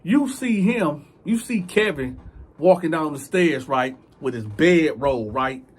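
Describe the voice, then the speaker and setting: High-pitched male storyteller, emphatic and profane, who acts out his characters. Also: lively intonation, takes it slowly, slightly rough. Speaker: storyteller, channel host. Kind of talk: animated prison storytelling.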